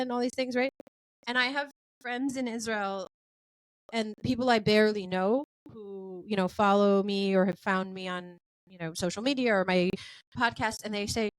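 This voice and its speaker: A woman's voice: medium pitch, moderate pace, smooth, no room sound, low-quality recording. Chatty American woman podcast host. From United States. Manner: chatty, animated, many fillers. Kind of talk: casual chat.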